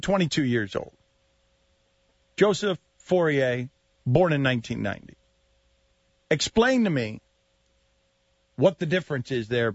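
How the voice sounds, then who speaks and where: A man hosting sports talk radio, his voice high and all over the place as he needles the panel with incredulous questions. The studio sound is dry and slightly muffled. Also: dry recording. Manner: incredulous, mocking, rapid-fire questions.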